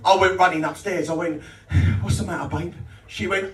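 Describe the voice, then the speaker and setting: A middle-aged British stand-up comedian with a high-sitting, steady voice at normal speed performs a crude, cheeky set at a small social club comedy night. He chuckles at his own jokes and banters with the crowd. The roomy, distant venue recording picks up crowd noise and audience laughter.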